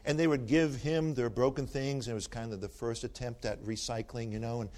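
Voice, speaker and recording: An older man preaching a sermon, animated and joking as he tells stories and teases his listeners. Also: medium pitch, brisk.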